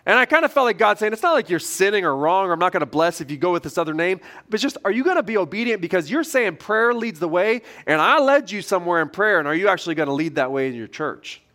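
A middle-aged male pastor preaching a sermon from a church stage, telling stories in a conversational way that swings between loud and quiet. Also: sits high, quick pace, hardly any pauses. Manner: conversational storytelling with lively shifts in loudness.

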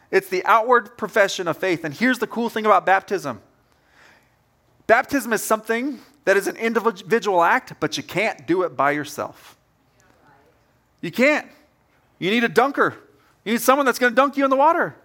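High-voiced pastor preaching casually. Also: male voice, expressive, moderate pace, pushed and bright. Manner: casual, anecdotal, direct address to congregation. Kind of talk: conversational sermon. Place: church service.

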